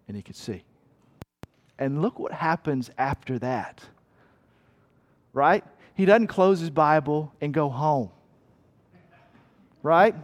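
A man preaching a sermon as pastor, animated, acting out voices and cries and repeating lines for effect. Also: a little high, slow, long pauses. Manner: animated, acts out voices and cries, rhetorical repetition.

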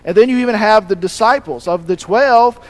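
A man with a high-pitched voice preaches a sermon, explaining the passage in a relaxed, conversational way. He poses rhetorical questions to his listeners and often corrects himself mid-sentence. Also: brisk, low-quality recording.

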